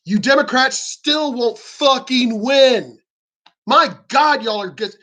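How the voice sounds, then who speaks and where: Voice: sits high, slow, fairly bright tone. Profane, heated political ranter. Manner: profane, heated, sarcastic, mocks opponents in quoted voices. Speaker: political vlogger. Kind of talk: angry ranting commentary.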